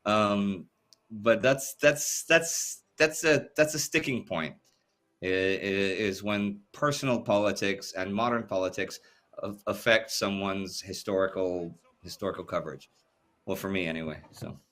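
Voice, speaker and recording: A man with a lowish voice hosts a casual livestream, talking in loose, rambling runs. He circles back over his words as he works out a thought. A cough keeps catching at him. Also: measured pace, a bit bright. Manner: rambling, repeats words while thinking. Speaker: livestream host.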